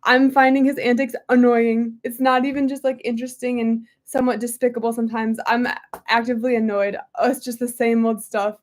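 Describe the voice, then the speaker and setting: A woman reads a history book aloud in a casual, conversational way. She keeps breaking off for chatty, apologetic asides, and her voice sits slightly high. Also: level tone, a little fast, a little mellow.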